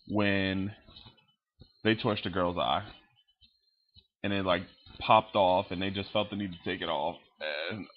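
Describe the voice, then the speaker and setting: A man's voice: lowish voice, highs cut off. A man ranting casually about movie scenes to his webcam, swearing a lot and acting out characters. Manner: profane, animated, mimics characters. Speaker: vlogger.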